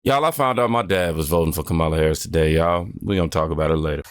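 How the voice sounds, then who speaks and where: A man's voice: very deep voice, fast talker, smooth, no room sound. A man hosting a reaction video, chatting casually and animatedly to his viewers in slangy, direct talk. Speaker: reaction channel host.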